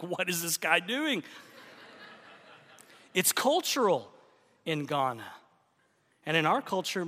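A middle-aged male pastor preaching a sermon in a church, telling stories with lively rhetorical questions. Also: sits high, big-room sound. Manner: animated storytelling with rhetorical questions. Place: church sanctuary.

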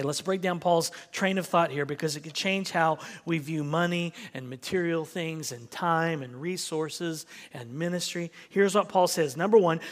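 A man preaching a sermon as pastor, swinging from hushed, near-whispered lines to loud, emphatic ones. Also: high voice. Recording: long hall reverb.

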